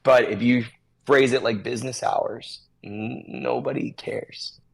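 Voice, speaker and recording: A man co-hosting a casual chat show, giving animated advice to hair stylists. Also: mid-range voice, unhurried, gravelly, breathy edge, rough recording. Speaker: podcast co-host.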